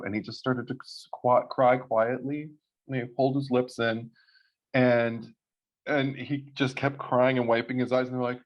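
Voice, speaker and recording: A man co-hosting a casual podcast chat, telling stories in an animated way and swearing freely. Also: normal speed. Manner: animated storytelling, jumps high for quoted voices. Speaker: podcast co-host. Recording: slightly dull lo-fi sound.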